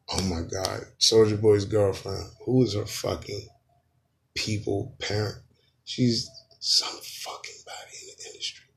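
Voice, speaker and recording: A man hosting a podcast, telling a comedic story in an animated, profane way. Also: lowish voice, slight background noise. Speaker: podcast host.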